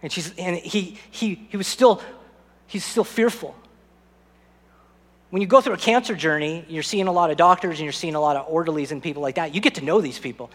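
A man's voice: a little high, brisk, long reverb tail. A man preaching a sermon as pastor, telling a personal story and speaking directly to the congregation.

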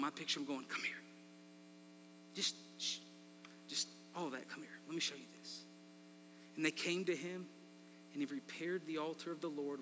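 A man preaching a sermon, swinging between loud emphasis and quiet asides. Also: a little high. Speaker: pastor. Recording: long reverb in a large hall, faint mains hum.

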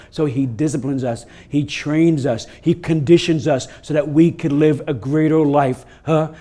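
A man preaching a sermon as pastor, telling stories in a lively, conversational way from a church stage. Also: on the high side. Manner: storytelling, animated and laughing during funny stories. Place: church sanctuary.

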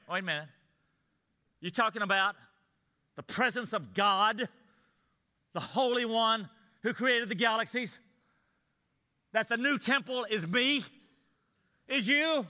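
Bright-voiced man preaching in a reverberant church. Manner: earnest, rising to emphatic peaks then dropping low. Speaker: pastor. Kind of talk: sermon. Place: church sanctuary. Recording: long hall reverb.

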